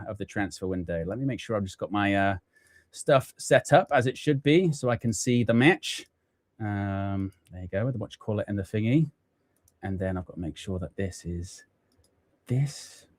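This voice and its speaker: A man's voice: lowish voice, no echo, clean studio sound. A man hosting a live football fan watchalong, chatting and thinking aloud as he sets up his stream. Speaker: fan channel host.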